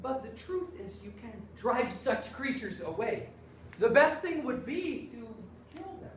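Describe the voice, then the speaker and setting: A woman's voice: a little high, sing-song, unhurried, slight background noise. A woman playing a pompous, cruel male master in a student stage play, grandiose and commanding, heard from afar on a roomy stage. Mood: scornful. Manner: grandiose, commanding, swings into overwrought wailing. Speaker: student actor. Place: theatre stage. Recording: roomy stage sound from far off.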